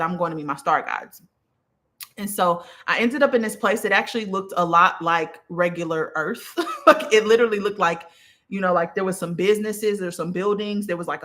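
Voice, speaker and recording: Animated, profane woman telling a story. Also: on the low side. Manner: animated, profane, laughs often. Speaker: vlogger. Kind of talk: casual storytelling.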